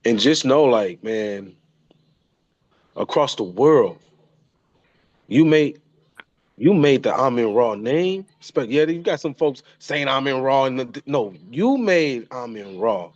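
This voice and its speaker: A man's voice: mid-range voice, takes it slowly, long pauses, dry recording, lo-fi sound. A man in his thirties paying an emotional tribute to his father, often repeating and restarting his phrases. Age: 30s. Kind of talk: heartfelt spoken tribute.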